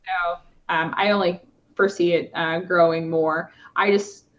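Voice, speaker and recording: A woman's voice: lowish voice, steady tone, measured pace. A woman, a competitive shooter, talking casually in a podcast interview, with many fillers and restarts. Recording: slightly dull lo-fi podcast audio.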